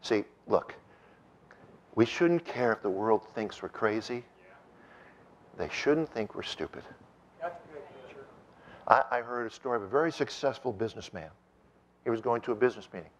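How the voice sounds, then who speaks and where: A man preaching a sermon and telling stories with animated emphasis. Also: lowish voice, normal speed, long pauses. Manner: animated storytelling, with rising emphasis.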